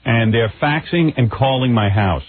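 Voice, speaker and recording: A man's voice: medium pitch, expressive, moderate pace. A middle-aged man hosting a radio show, telling a story with sarcastic, ranting energy. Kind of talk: comic radio banter. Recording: tinny phone-like radio broadcast.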